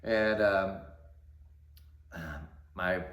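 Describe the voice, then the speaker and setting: Man, channel host, casual storytelling, rambling with fillers, lowish voice, echoey room. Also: very slow, muffled recording. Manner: conversational, rambling with fillers and asides. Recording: roomy echo.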